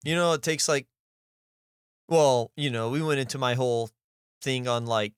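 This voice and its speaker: Animated, cussing male podcast co-host. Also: medium pitch, moderate pace, clear, resonant tone, no room sound, clean studio sound. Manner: animated, swears freely, presses with questions. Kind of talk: casual chat.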